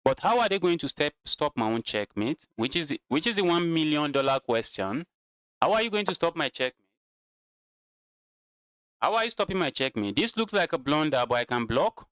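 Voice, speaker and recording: A man's voice: a little high, a bit bright, clean tone, dry recording. A man commentating his own live chess games, talking to his chat and repeating phrases while he plays, sounding tired. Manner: repeats himself, talks to chat. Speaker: chess streamer.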